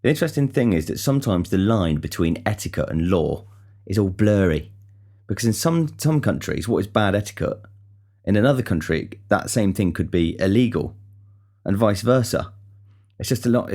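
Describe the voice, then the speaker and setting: A man's voice: sits low, darkish tone. A young man from the talks. He rambles through casual stories, swears freely and stumbles into frequent restarts. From England. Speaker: podcast host. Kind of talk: casual storytelling monologue.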